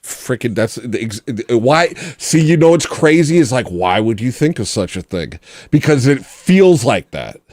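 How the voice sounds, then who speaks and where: A man hosting a livestream, chatting casually in a rambling, sarcastic, deadpan way. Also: medium pitch, unhurried, dry recording. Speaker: livestream host and musician.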